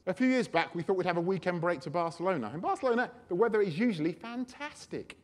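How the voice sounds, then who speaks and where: Man, preacher, anecdotal sermon, high-pitched voice, lively. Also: fast, few pauses. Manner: anecdotal, animated, chatty storytelling. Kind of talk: sermon storytelling.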